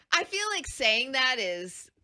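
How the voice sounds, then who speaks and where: A woman's voice: high-pitched, big pitch swings, slow, a crowd in the background. A woman co-hosting a radio show who tells a personal story candidly and conversationally. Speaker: radio co-host. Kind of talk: morning radio banter.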